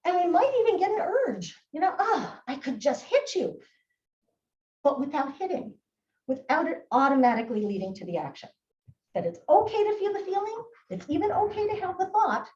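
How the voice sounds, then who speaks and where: A woman giving a live training presentation on child behavior, acting out what kids and adults say in a lively, animated way. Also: extremely high pitch, brisk. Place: presentation room. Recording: echoey room, distant mic, dull sound.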